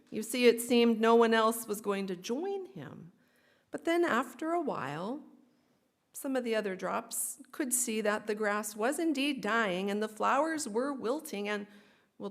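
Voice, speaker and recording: Woman minister telling a kids story in a service, expressive, mid-pitched voice. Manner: expressive storytelling, gently inviting. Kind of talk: story for all ages in a worship service.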